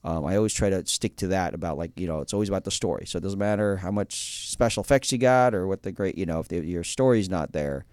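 A man's voice: low voice, fast talker, hardly any pauses, darkish tone, no echo, clean studio sound. A man hosting an interview, talking casually with lots of fillers and restarts, enthusiastic. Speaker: interview host.

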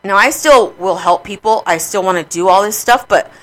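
Casting: woman radio host, bright, blunt, swears freely, casual chat. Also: medium pitch, normal speed, poor audio. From New Mexico, USA. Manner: candid, profane, emotional about grief.

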